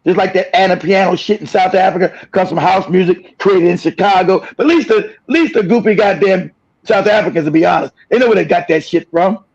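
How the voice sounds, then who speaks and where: Man, livestream host, angry profane rant, high-pitched, husky, dull lo-fi audio. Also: a little fast. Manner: profane, aggressive, shouting rant. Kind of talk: angry ranting monologue.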